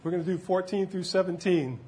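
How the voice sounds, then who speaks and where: A pastor preaching a sermon in church, shifting from loud shouts of praise to relaxed, conversational teaching. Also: male voice, high-pitched, gravelly.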